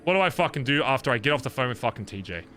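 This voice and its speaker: A man's voice: medium pitch, animated, very fast, a bit bright, soft background music. A man staying in character during a roleplay conversation, venting in a heated, profane retelling. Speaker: streamer in character.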